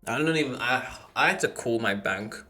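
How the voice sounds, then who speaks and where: A man's voice: mid-range voice, animated, a little fast, bright, forceful tone, faint music behind. A man streaming a reaction video, chatting in rambling asides to his viewers. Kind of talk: casual reaction commentary.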